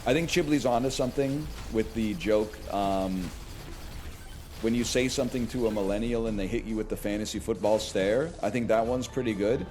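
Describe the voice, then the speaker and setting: A man's voice: lowish voice, moderate pace, darkish tone. A man in his thirties, a streamer chatting casually and jokingly while he plays a video game, drifting from one tangent to the next. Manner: rambling, joking, wanders off on tangents.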